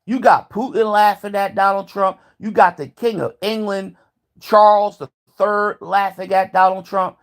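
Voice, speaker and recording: A man's voice: sits high, fairly even intonation, a little slow. A man vlogging a heated, profane rant, repeating himself as he builds his point. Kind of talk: ranting commentary.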